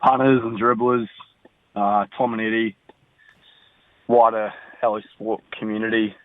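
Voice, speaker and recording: A glum man with a New Zealand accent leaves a candid, sweary message. His voice sits low and comes through a tinny phone line. It sounds dry and close. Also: flat delivery, unhurried, no echo. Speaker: caller.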